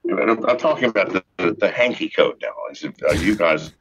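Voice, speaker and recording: An older man rants with profane exasperation, his husky voice swooping up and down. The line is muffled and lo-fi. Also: deep voice, animated, fairly quick, fairly bright tone. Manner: profane, exasperated ranting with sarcastic jokes. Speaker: podcast guest. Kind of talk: ranting call-in interview.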